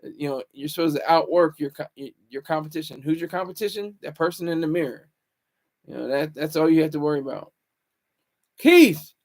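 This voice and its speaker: A man's voice: on the high side, fairly quick. A man hosting a casual livestream, rambling and talking back to viewer comments. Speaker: livestream host.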